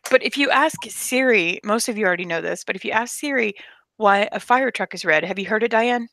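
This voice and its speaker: Woman co-host telling stories, playful and animated, dry close sound. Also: medium pitch, fairly quick, dry recording. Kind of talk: casual chat.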